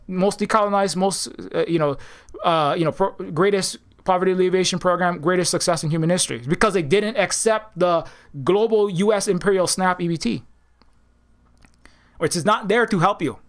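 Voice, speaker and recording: A man with a rather high voice delivers a rambling, heated political monologue to his channel's viewers. He stumbles and restarts often and slips into mocking put-on voices. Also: brisk, clear, resonant tone. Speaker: political commentator, channel host.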